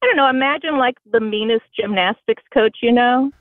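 There's a crowd audible behind this podcast caller, a woman from Bloomington, Indiana with a Southern American accent. She talks briskly in a slightly high voice, dry and self-deprecating, over a tinny phone line.

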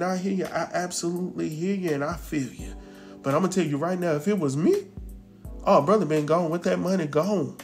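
A man casually recapping a drama episode, acting out the characters' lines and talking back to them. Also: sits high. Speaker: TV recap host.

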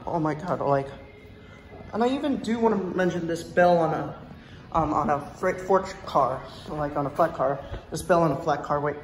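A young woman vlogging in an indoor museum on a handheld phone, rambling and enthusiastic with many fillers, now and then dropping to a hush. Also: sits low, moderate pace. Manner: drops to a hush at times. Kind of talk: excited vlog commentary.

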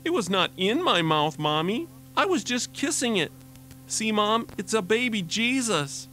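A man's voice: sits high, very animated, measured pace, faint music behind, voice pushed up, full character voice. A man voicing a sweet, earnest little girl of about five in a radio devotional story. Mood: pleading. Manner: pleading, gentle child voice.

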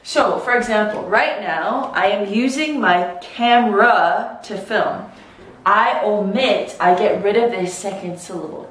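A woman teaching English pronunciation, saying each example word slowly and clearly. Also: medium pitch, a little hiss or hum. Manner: slow, clearly articulated teaching. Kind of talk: pronunciation lesson. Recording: echoey room, distant mic.

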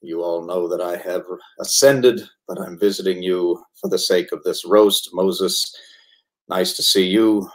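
A man's voice: sits low, steady tone, measured pace. A man playing a pompous, overly formal ghost of a cult founder at a comedy roast.

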